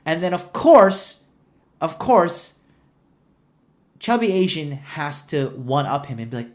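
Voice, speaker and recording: A man's voice: medium pitch, measured pace. Profane, exasperated man ranting. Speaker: online commentator. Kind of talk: ranting movie review.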